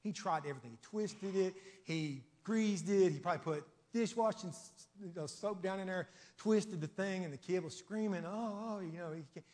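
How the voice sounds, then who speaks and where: Man, pastor, sermon, somewhat high voice, rhythmic and emphatic, loud then hushed, long church reverb. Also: moderate pace. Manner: emphatic preaching, swinging between loud declarations and hushed asides; repetitive, rhythmic phrasing. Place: church sanctuary.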